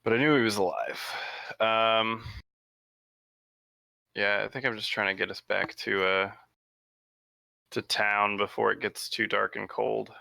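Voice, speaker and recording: A man playing a tabletop game, talking slowly and hesitantly. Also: lowish voice, steady tone, vocal fry, bright, forceful tone, no room sound. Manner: slow, hesitant, trailing. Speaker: player. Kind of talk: casual tabletop play.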